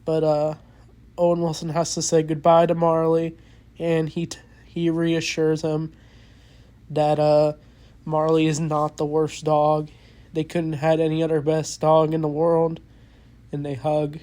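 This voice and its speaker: A movie reviewer in a casual spoken review, earnest and openly emotional, halting with many restarts and fillers. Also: mid-range voice, monotone, mellow.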